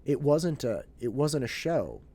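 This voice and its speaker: Animated man with a mellow voice. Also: medium pitch, measured pace. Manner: animated, acts out family dialogue, restarts and fillers. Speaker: podcast host. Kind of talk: casual storytelling monologue.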